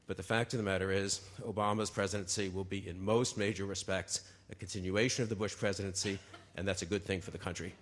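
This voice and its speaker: A man making a formal debate argument in a measured way, with uhs and restarts. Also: sits low, fairly even intonation, noisy background.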